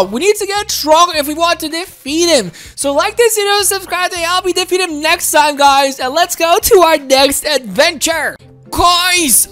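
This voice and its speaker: A woman giving excited commentary while playing a game, exclaiming and giggling. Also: very high-pitched. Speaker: gaming video creator.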